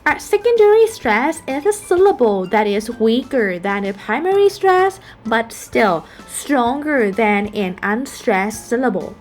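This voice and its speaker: A woman's voice: on the high side, big pitch swings, unhurried, few pauses, soft background music. Patient woman teaching phonetics. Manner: patient explaining, frequent fillers and self-corrections. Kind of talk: recorded online lesson.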